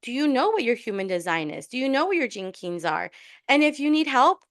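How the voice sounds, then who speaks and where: A woman's voice: high voice, very animated, brisk, fairly bright tone, no echo, clean studio sound. A woman giving a tarot and spiritual workshop in an earnest, encouraging casual talk, with many restarts. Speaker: tarot reader and spiritual coach.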